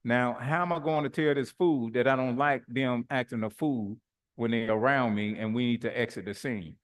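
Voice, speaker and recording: A middle-aged man, a bishop, preaching informally with personal stories, animated and colloquial, often laughing as he talks. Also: medium pitch, moderate pace.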